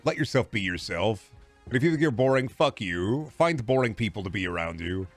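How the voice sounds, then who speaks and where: A man's voice: lowish voice, expressive, fairly quick, faint music behind. A young man from Texas, ranting sarcastically and profanely during a casual stream chat.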